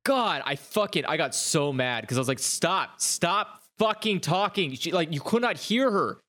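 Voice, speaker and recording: A man's voice: on the high side, sing-song, normal speed, a bit bright. A young man in casual podcast chat, ranting with plenty of swearing and exasperation.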